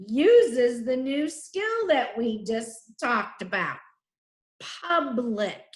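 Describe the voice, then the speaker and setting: A woman teacher leading a children's phonics lesson, sounding out letters and syllables slowly and clearly. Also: high voice. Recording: echoey room.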